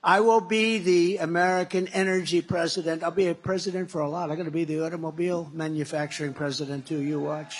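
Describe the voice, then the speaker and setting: A man's voice: a little high, level tone, fast talker, few pauses. A man in his seventies giving a campaign rally speech at a factory, repetitive and boastful, retelling conversations in a conversational way. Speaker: political candidate.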